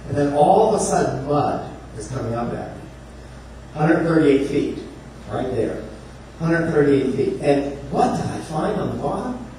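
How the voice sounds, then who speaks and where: A man preaching a sermon, telling the story in an animated, humorous way and acting out voices. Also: fairly high pitch, measured pace. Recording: echoey room from far off, faint noise.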